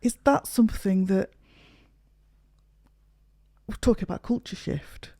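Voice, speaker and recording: A woman's voice: mid-range voice, unhurried, dark tone, no room sound, studio quality. A woman hosting a podcast, posing long, thoughtful questions in a reflective, conversational way. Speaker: podcast host.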